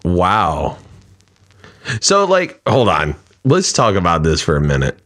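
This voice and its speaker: A man's voice: deep voice, huge pitch swings, takes it slowly, a bit bright. A man co-hosting a casual podcast, rambling with lots of "like" and swearing. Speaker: podcast co-host and rapper.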